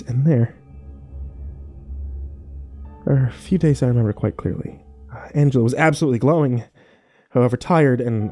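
A man narrating a first-person horror story slowly and wistfully, with small restarts. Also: mid-range voice, dark tone.

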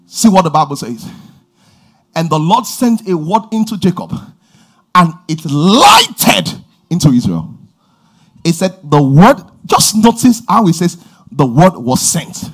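A man preaching a sermon as pastor, emphatic, often shouting and stretching words out, repeating phrases and calling out praise. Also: a little high, breathy edge.

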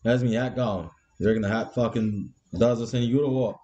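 A man's voice: medium pitch, steady tone, fairly quick, dark tone, highs cut off. An Australian man hosting a live card break, with crude, laddish banter and constant swearing.

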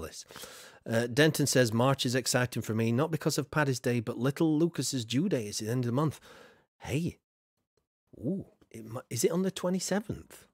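Lively chatty male streamer. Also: mid-range voice, husky, no echo, clean studio sound. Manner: rambling, chatty, greets and answers viewers; many fillers and trailing asides. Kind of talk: casual livestream chat while building in a game.

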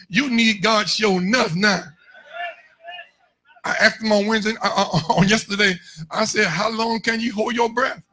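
A male pastor preaching a lively call-and-response sermon in a church, rising into shouts at his peaks. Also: sits high, a little hiss or hum, low-quality recording. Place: church sanctuary.

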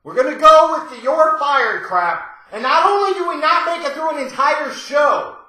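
A man hosting a wrestling review channel, ranting with profane sarcasm and shouted bursts. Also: very high-pitched, lively intonation, normal speed. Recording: very echoey room.

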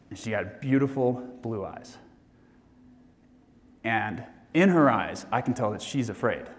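A man in his forties giving a personal, earnest keynote talk. He moves between hushed, quiet moments and energetic bursts. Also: lowish voice. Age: 40s. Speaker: motivational keynote speaker. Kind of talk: personal storytelling speech. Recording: reverberant hall sound.

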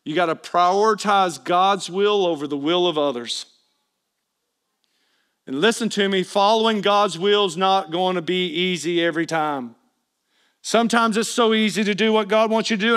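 A man preaching a sermon as pastor, swinging between loud emphatic appeals and hushed asides, often questioning his congregation directly. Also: high voice, normal speed, clean tone.

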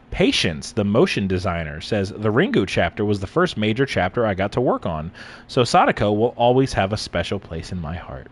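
A man's voice: fairly low pitch, very animated, fairly quick. A young man hosting a gaming video, joking crudely and swearing often during casual banter.

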